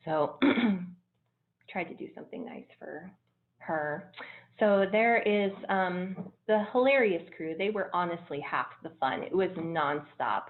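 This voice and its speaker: A woman casually telling stories about a trip, animated and laughing often. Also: fairly low pitch, takes it slowly. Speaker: traveler sharing trip photos. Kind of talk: casual storytelling. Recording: tinny phone-like line.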